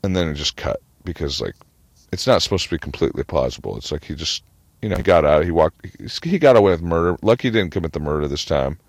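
A man with an extremely low, deep voice, telling a rambling comedic story. His delivery swoops up and down a lot, and he keeps dropping in "like" and swear words. The sound is dry and close. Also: animated, fast, no room sound. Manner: meandering, full of "like" fillers, profane.

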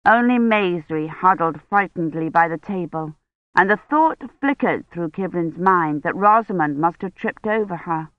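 A woman narrating an audiobook in a measured, even storytelling manner. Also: fairly low pitch, dry recording. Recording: dull dry recording.

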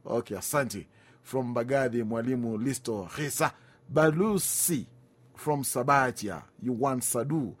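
A man's voice: mid-range voice, a little slow. A Kenyan man hosting a music radio show, chatting casually, mixing in Swahili phrases and reading out listener greetings and requests.

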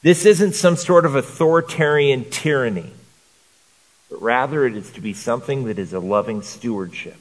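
A man preaching a sermon to men in an earnest, measured way, repeating phrases for emphasis. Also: medium pitch, in a large hall. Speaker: pastor.

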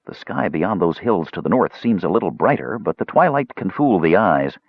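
A man voicing a calm, somber half-elf wanderer who speaks slowly and steadily, trying to sound soothing. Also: low voice, husky, no echo, full character voice. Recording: dull dry lo-fi recording.

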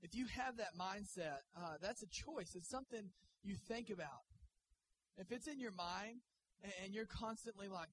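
A man preaching a sermon in a church, joking and energetic. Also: high-pitched, moderate pace, noisy background. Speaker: guest pastor. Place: church sanctuary.

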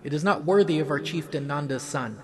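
A man's voice: a little high, fairly quick, long reverb tail, crowd noise, close to an everyday voice. A man reading as shy, pleading young cowgirls.

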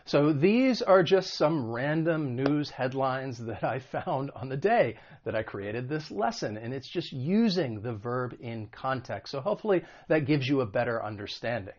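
A man teaching an English lesson, patiently explaining word meanings and modeling pronunciation slowly and clearly. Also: medium pitch, animated, a little mellow. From United States. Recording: dull lo-fi recording.

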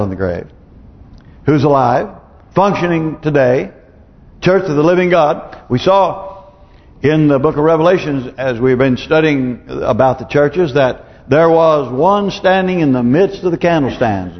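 A man preaching in a church, his fairly high voice carried by a long, ringing reverb. He talks conversationally, posing questions and clearing his throat often. The recording sounds muffled and dull. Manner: conversational preaching, rhetorical questions, chuckles to himself. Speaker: pastor. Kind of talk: sermon.

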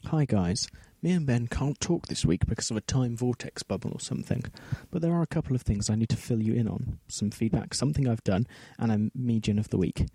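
A man speaks in a slightly husky, breathy voice, recorded dry and close to the mic. He rambles wryly through a solo podcast segment and pokes fun at himself as he goes. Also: medium pitch, fairly quick, hardly any pauses, warm tone, dry recording. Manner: wry, rambling, self-deprecating. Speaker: podcast co-host.

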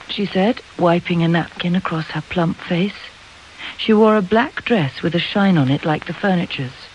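Measured storybook narrator, mid-range voice, slightly dull lo-fi recording. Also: mid-range voice, slight background noise. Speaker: audiobook narrator. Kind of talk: scripted narration.

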